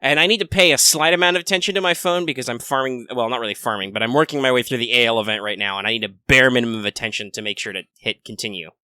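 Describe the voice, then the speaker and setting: Bright-voiced rambling podcast co-host man. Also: mid-range voice, rapid-fire, few pauses, smooth, dry recording, clean studio sound. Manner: rambling, jokey, talks at length. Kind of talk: casual chat.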